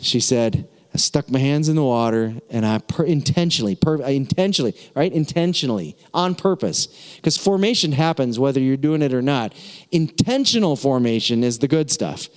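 A man preaching a sermon as pastor, lively and repetitive, drawing out words for emphasis. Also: mid-range voice, normal speed. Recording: long hall reverb.

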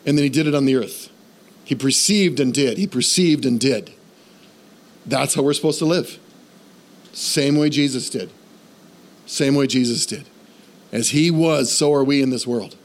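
A man preaching a sermon in a church, animated and conversational, asking the congregation questions. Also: mid-range voice, moderate pace, pauses often. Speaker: pastor.

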